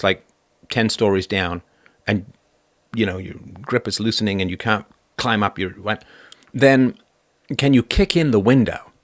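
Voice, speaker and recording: Man, lowish voice, dry close sound, animated casual monologue, argumentative. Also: no room sound. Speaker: livestream host.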